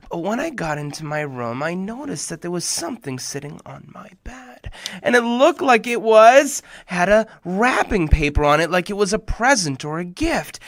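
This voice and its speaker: A young man telling a personal story to children, animated and speaking directly to the listeners. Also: no room sound, studio quality. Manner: animated, addresses kids directly, jumps in pitch and loudness for emphasis.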